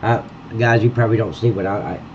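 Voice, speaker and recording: A lower-pitched man streaming live as he works on a game map, blunt and quick to swear. His mic sounds dull and lo-fi, with a faint air conditioning hum behind him. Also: fairly even intonation. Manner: blunt and profane, ranting at a critic. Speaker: livestreamer building a game map. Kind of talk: live-stream chat while editing.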